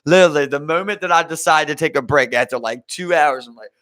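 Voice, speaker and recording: A man co-hosting a podcast, telling animated stories in casual chat and calling his friend "bro". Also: on the high side, fast talker, no echo, studio quality. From Maryland, US. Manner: animated storyteller, says "bro". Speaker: podcast co-host.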